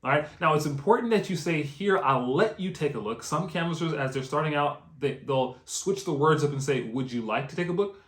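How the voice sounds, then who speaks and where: A man teaching door-to-door canvassing in an energetic, coaching way, repeating key phrases and checking in with "right?". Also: on the high side, brisk, hardly any pauses. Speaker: canvassing trainer. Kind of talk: instructional video training. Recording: roomy echo.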